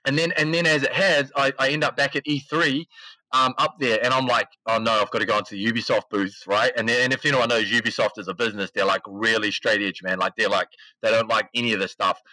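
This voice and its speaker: Speaking quickly at a medium pitch, this podcast guest, an esports CEO, spins a casual, slang-filled story and performs the quoted lines with energy. The recording is dry and rough.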